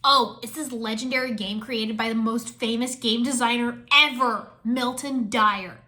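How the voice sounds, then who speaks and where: A woman voicing an excitable young male ninja who loves video games, gushing and shrill. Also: unhurried. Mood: eager.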